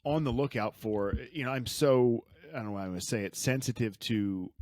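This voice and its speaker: A man's voice: medium pitch, a little fast, darkish tone, no room sound. A man in his forties co-hosting a casual podcast chat, teasing and cracking jokes. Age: 40s. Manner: teasing, wisecracking. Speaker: podcast co-host.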